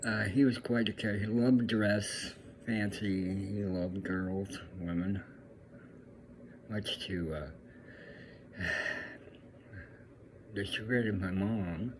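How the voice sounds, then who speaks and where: A man's voice: fairly low pitch, steady tone, takes it slowly, long pauses, slight background noise. An older man from California, a professional musician, telling a rambling, fond story and acting out the lines of the people in it. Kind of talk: personal storytelling.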